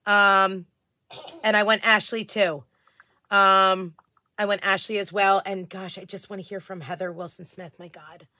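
A woman's voice: mid-range voice, level tone, measured pace, pushed and bright, dry recording, studio quality. A woman hosting a casual live stream and selling crafts. She chats along, greets viewers by name and fills her talk with "um". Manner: chatty, greets viewers by name, many fillers.

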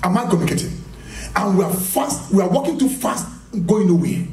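In an echoey church hall, recorded from a distant mic with slight background noise, a man preaches a charismatic sermon. His high, expressive voice moves fairly quickly and sounds a little mellow. He is emphatic, repeats phrases, poses rhetorical questions to the congregation, and laughs often as he speaks.

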